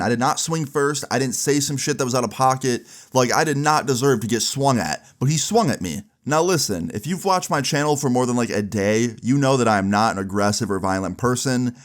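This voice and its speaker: Young male YouTuber, animated casual storyteller with lots of fillers. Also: medium pitch.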